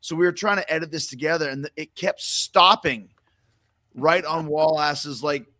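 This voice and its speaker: A man's voice: fairly high pitch, normal speed, bright, forceful tone, no room sound. Rambling storytelling man, dry sound. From Canada. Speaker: podcast host. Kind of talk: casual chat.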